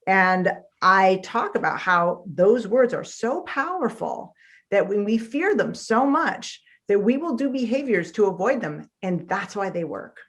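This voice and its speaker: A woman's voice: mid-range voice, expressive, a little slow. A woman author speaks as a guest in a conversational interview, with a mid-range voice. She tells stories with animation and acts out the voices of the people she quotes.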